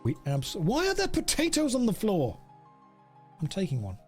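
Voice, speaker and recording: A man's voice: high-pitched, huge pitch swings, normal speed, faint music behind. A man chatting casually on a live game stream, joking and reading chat aloud into a desk microphone.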